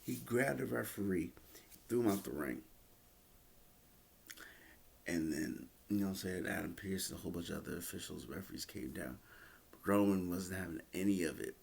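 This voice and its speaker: Casual rambling male reviewer, low gravelly voice. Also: animated, normal speed, pauses often, darkish tone. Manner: rambling, many fillers and restarts. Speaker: wrestling reviewer.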